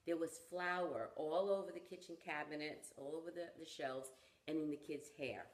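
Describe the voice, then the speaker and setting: A woman who teaches parenting, telling a story in conversation and acting out the people in it with lively expression. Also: low-pitched, moderate pace. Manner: animated storyteller who acts out the people in her stories. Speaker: parenting educator. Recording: roomy echo.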